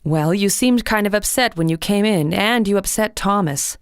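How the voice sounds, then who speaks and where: Storybook casting: woman voicing a calm, caring mom. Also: medium pitch, moderate pace, clean tone, dry recording, studio quality, natural voice. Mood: gentle. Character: gentle, caring mother.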